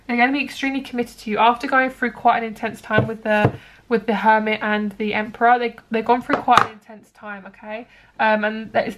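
A woman's voice: fairly high pitch, noisy background. A young woman chatting casually through a tarot reading, rambling with lots of fillers. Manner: chatty, rambling, many likes and ums. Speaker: tarot card reader.

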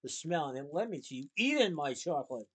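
A man's voice: a little high, sing-song, a little fast, a bit bright, slightly rough, exaggerated voice. A man voicing a small, indignant male Oompa Loompa who growls sternly in a storybook reading.

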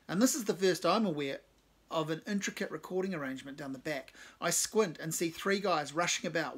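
A man narrating his own short story in a measured, understated way. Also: fairly high pitch, a bit bright.

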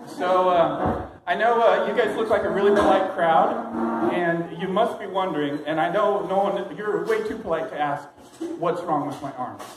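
A young man doing open mic stand-up, his voice fairly high as he rambles through a story with hesitant restarts and chuckles at his own material. The room is echoey, with clear noise behind him. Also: normal speed, hardly any pauses. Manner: rambling, hesitant, self-amused. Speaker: stand-up comic. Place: small comedy venue.

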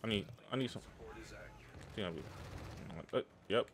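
A young man giving live, slangy, excitable commentary over his own shooter gameplay. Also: lowish voice, a little slow, very noisy. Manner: excitable, slangy, trash-talking. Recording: game gunfire behind the voice.

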